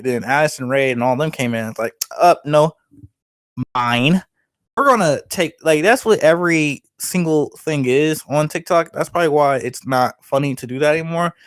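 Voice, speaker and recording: A young man co-hosting a podcast in casual, animated chat, full of "like" and swearing. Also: a little high, dry recording. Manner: animated, swearing, laughing, lots of "like". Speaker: podcast co-host.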